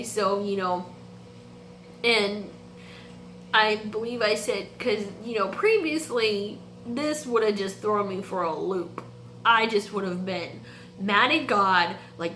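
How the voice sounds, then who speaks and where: Slow, bright-voiced woman giving a testimony. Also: medium pitch, slight background noise. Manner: earnest, halting, many pauses and restarts. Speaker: vlogger. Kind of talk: personal faith testimony. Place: home basement. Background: washing machine running.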